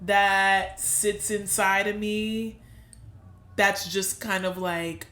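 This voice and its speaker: A woman's voice: medium pitch, fairly even intonation, very slow, sharp tone, echoey room. A young woman co-hosting a podcast, talking candidly and emotionally in casual chat, swearing freely. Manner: emotional, swears freely, laughs through tears. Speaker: podcast co-host.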